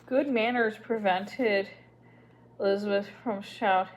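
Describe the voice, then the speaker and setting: A woman's voice: medium pitch, steady tone, slow pace, a little hiss or hum. A woman reading a children's story aloud, with small slips and restarts as she goes. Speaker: audiobook reader.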